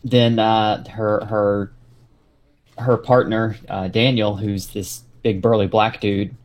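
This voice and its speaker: Joking man, low voice. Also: little pitch movement, slow pace. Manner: joking, self-deprecating. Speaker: streamer. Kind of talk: casual group chat.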